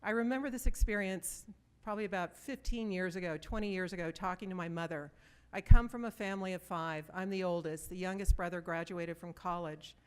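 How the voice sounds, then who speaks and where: A woman's voice: on the low side, fairly quick, clean tone. A woman in her fifties giving a presentation to a live audience, telling stories conversationally and putting questions to the listeners. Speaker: conference speaker.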